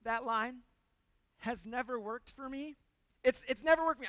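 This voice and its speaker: A pastor giving a conversational sermon with humor, repeating words for emphasis and swinging between loud points and hushed asides. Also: medium pitch, normal speed, pauses often, dry recording.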